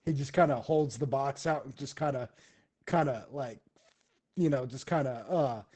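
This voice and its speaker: A man's voice: medium pitch, moderate pace, a little mellow. A man narrating a tabletop game as game master, with lots of fillers and hesitations.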